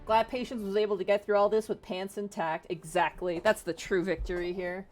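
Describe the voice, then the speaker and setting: A woman's voice: medium pitch, flat delivery, fairly quick, soft background music. A woman streamer giving casual, joking commentary while playing a game. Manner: chatty, joking asides.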